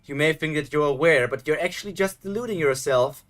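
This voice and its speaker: A man's voice: on the high side, a little fast, a bit bright, lightly acted. A gloating, mocking villain, voiced by a man. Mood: taunting. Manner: mocking, taunting, sing-song laughter. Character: gloating male villain who toys with captives. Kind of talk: animated series dub.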